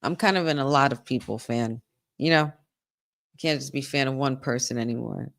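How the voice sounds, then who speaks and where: A woman hosting a live watch-along stream, reacting excitedly to the action and talking to her viewers. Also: extremely low pitch, normal speed, creaky.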